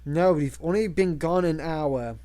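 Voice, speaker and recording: A man's voice: a little high, measured pace, warm tone, clear, resonant tone, natural voice. A man reading a weary, patient man's lines. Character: patient man on a road trip.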